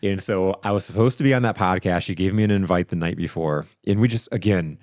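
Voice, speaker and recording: Low guy podcast host, animated rambly storytelling, dead dry mic. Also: quick pace, no echo. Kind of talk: casual storytelling chat.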